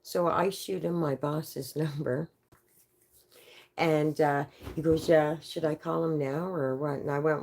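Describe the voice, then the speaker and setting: A woman from Canada telling a rambling, profane story live to an audience, full of quick asides. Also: low voice, steady tone, darkish tone.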